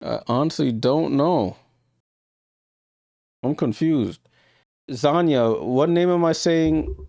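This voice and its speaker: A man's voice: a little high, slow, vocal fry, dark tone, no echo. A man with a New York accent hosting a live stream, giving casual reaction commentary, thinking aloud and talking to his viewers with hesitant ums. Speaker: livestream host.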